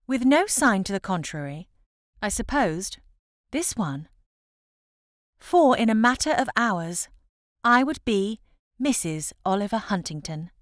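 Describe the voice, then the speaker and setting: A woman narrating a novel in the first person as an audiobook, with expressive, measured storytelling. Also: mid-range voice, no echo, studio quality.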